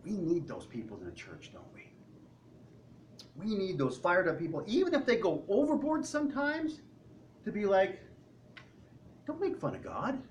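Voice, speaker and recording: A male pastor preaching a sermon in an animated, conversational way. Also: high voice, normal speed. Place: church sanctuary. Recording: distant mic with faint room noise.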